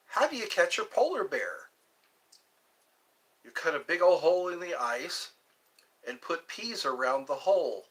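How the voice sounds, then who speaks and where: Speaking in a slightly high, fairly bright voice, the phone livestream host rambles on, cracking jokes. He reads out viewer questions and responds to each.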